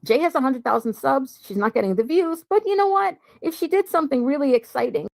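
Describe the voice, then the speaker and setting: Gravelly, aggrieved woman creator. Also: sits high, animated, fairly quick, a little mellow, dry recording. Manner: aggrieved, repetitive listing. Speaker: online creator. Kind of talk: livestream complaint.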